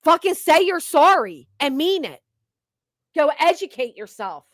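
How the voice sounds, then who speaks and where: A woman's voice: high voice, very animated, measured pace, dry recording. A woman hosting reaction commentary, cursing and ranting with sarcasm. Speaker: commentary channel host.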